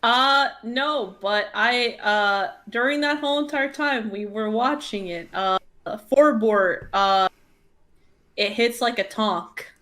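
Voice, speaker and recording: A woman co-hosting a reaction stream, speaking casually and haltingly. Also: on the high side, fairly bright tone. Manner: hesitant, halting. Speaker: co-host. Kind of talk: casual chat.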